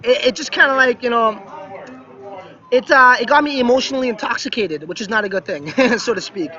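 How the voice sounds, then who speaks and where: A man's voice: very high voice, brisk, pushed and bright, muffled recording. A man with West Indian roots live-streaming casually from a beach resort, chatty and often asking "right?". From West Indian background. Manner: chatty, repeats "right?" and "yeah, yeah". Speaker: crypto vlogger live streaming.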